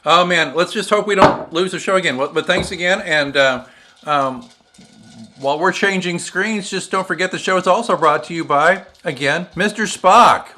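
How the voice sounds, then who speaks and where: A man's voice: sits high, normal speed, bright, forceful tone, slight background noise. A man hosting a casual home cocktail show, chatting and joking as he mixes drinks at his bar. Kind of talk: casual chat while mixing drinks.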